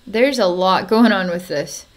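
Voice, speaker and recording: Woman psychic, halting energy-healing narration, fillers and restarts, soft chuckles, medium pitch. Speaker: psychic healer.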